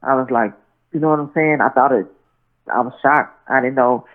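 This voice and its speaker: Speaking at normal speed in a bass voice, a woman guest tells a story during a casual interview by phone. It's a rambling account full of restarts and "you know what I'm saying," and the phone line is tinny.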